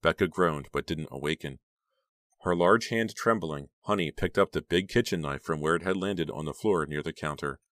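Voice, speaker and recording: A man narrating a horror audiobook in a steady, dramatic reading. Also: rumbling low, moderate pace, no room sound, studio quality.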